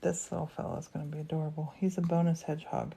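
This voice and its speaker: Gushing American woman, mellow voice. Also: low-pitched, level tone, fast, creaky, slight background noise. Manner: gushing, laughs often. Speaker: co-host of a live glassmaking stream. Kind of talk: casual chat.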